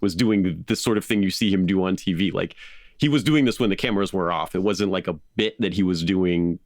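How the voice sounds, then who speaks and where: A man hosting a podcast, telling a story in casual chat, animated with frequent laughs and fillers. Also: sits low, brisk, no echo. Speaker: podcast host.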